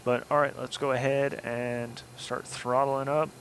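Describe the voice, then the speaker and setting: Man, gameplay host, casual let's-play commentary, chatty, talks through every step, middle pitch, faint background hum. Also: level tone, a little slow, fairly bright tone, poor audio. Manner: chatty, explains each step as he goes. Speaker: flight sim gameplay host.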